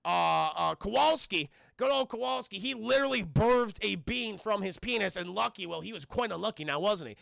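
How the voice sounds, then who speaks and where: Gravelly, bright-voiced male film streamer. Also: high voice, expressive, moderate pace, few pauses, no echo, clean studio sound. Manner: rambling, profane, keeps addressing chat. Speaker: film reviewer streaming to a live chat. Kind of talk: casual spoiler review on a live stream.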